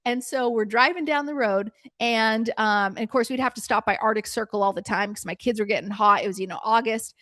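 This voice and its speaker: A middle-aged woman presenting a workshop as a preschool business coach. She tells stories in an animated way and acts out her own past reactions. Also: fairly high pitch, fairly quick, hardly any pauses, dry recording, clean studio sound.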